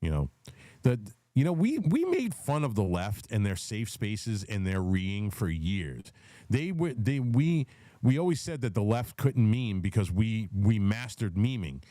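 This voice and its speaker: A man's voice: lowish voice, very animated, measured pace, mellow, no echo. A man in his forties hosting a casual political chat, rambling and swearing in an easygoing way. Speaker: podcast host.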